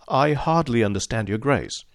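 A man voicing a cold, inexorable male detective who speaks calmly, precisely and insistently. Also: medium pitch, normal speed, vocal fry, no room sound, clean studio sound. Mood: cool.

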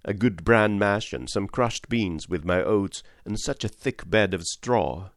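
A man reading a classic story aloud in a gentle, measured storytelling manner. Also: fairly low pitch, dry recording, clean studio sound. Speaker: audiobook reader. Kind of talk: storybook narration.

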